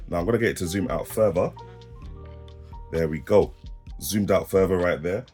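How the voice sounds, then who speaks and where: Over faint music, a young South East London man reviews a webcam on camera, chatting in relaxed slang and cracking jokes with plenty of laughter. He speaks in a deep, darkish voice at normal speed, leaving long pauses.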